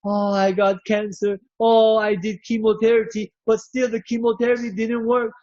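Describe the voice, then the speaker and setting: A man's voice: sits high, little pitch movement, moderate pace, darkish tone, dry recording, natural voice. A man voicing an anxious woman cancer patient who pleads in a fretful, whiny way. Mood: worried. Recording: dull lo-fi recording.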